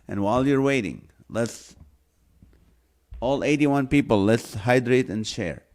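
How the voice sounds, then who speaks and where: A man's voice: mid-range voice, a little slow, a little mellow. A man hosting a live stream, reading out viewers' names and number guesses in a playful, joking way. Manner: reads viewer names and guesses aloud, runs a guessing game; jokey, playful. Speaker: livestream host.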